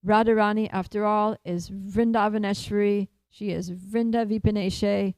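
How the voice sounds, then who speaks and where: A woman's voice: medium pitch, steady tone, normal speed, darkish tone, clean tone, no echo, close to an everyday voice. A woman voicing a stern, protective young friend who scolds with firm words.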